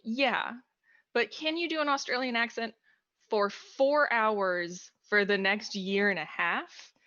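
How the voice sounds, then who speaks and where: A woman's voice: a little high, slow pace, sharp tone, no room sound. A woman on a tabletop gaming panel, chatting and handing out advice while laughing at herself, recorded with dull, muffled audio. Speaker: tabletop game player, panelist. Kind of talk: casual panel chat.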